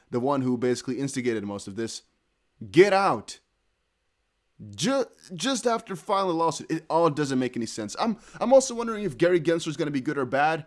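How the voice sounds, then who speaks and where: Rapid-fire excitable male stream host. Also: fairly high pitch. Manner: excitable, thinks aloud, reads viewer chat and tweets aloud. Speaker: crypto news livestream host. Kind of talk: casual live-stream commentary.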